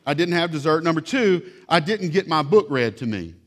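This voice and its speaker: A man's voice: on the high side, very animated, moderate pace, voice pushed up. A man voicing a young child reading a dramatic journal entry, whining and pleading about dessert. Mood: whiny. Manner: pleading, melodramatic sing-song.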